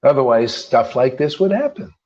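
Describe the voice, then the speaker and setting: On a dull lo-fi recording, a man with a medium-pitched voice full of big pitch swings preaches informally as a spiritual teacher at normal speed, sounding a little mellow. He fires off combative rhetorical questions and drops in slangy "man" asides.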